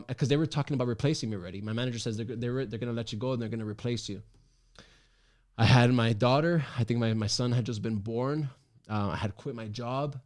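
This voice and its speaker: With a medium-pitched voice, this man in his thirties hosts his own talk show as a podcast host. He shares a personal story casually, in an animated, emphatic manner that keeps restarting.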